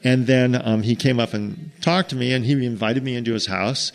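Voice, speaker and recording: An American man from the United States tells a casual travel story in a medium-pitched voice with vocal fry at normal speed. He's animated, rambling with restarts and acting out what people said.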